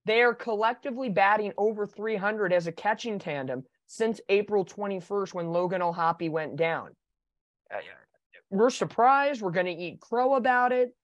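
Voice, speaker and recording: A man's voice: sits high, moderate pace, dry recording, lo-fi sound. Opinionated sports podcast host, man. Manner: animated, opinionated. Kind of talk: casual sports podcast chat.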